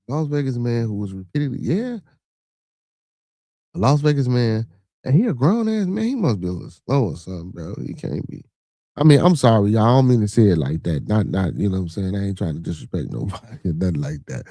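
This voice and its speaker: A man's voice: fairly low pitch, sing-song, a little fast, warm tone, no room sound, studio quality. A man hosting a livestream podcast, rambling in casual, profane chat and talking back to his viewers. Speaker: podcast host.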